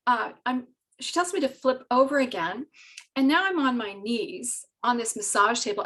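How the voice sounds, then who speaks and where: A woman telling a personal story in an animated, rambling way, laughing often and using many fillers. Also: high voice, far from the mic, poor audio. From Britain. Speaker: guest telling her spiritual story.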